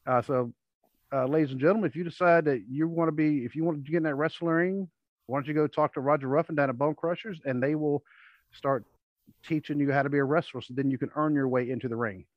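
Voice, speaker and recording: This fast-talking podcast host has a fairly high voice and no room sound around him. In a casual conversation he strings stories together loosely, dramatizing people's words, all on dull, dry lo-fi audio.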